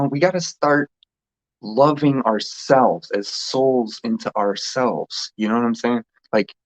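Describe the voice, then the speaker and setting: A man's voice: medium pitch, muffled recording. A man hosting a casual motivational monologue, rambling and repeating phrases, laughing often. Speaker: host.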